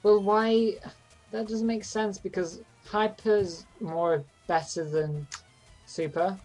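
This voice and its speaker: A woman's voice: medium pitch, fairly even intonation, takes it slowly, darkish tone, soft background music. A woman chatting playfully while playing through a video game with a friend, given to silly tangents. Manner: goofy, playful, makes random noises. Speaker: co-player in a game playthrough. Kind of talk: casual gaming chat.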